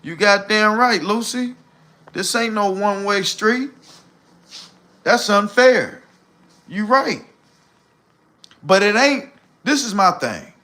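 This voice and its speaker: Male livestream host, AAVE, blunt preachy delivery with heavy profanity; bright, fairly high voice. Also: lively intonation, slow pace, pauses often. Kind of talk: casual livestream rant.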